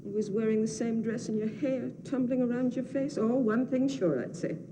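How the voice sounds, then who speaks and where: An actress playing an older nurse in a film drama, scolding and doting by turns with a fretful, sing-song lilt. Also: female voice, fairly high pitch, normal speed, long reverb tail, background noise, lightly acted. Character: fussy old nurse, scolding yet doting.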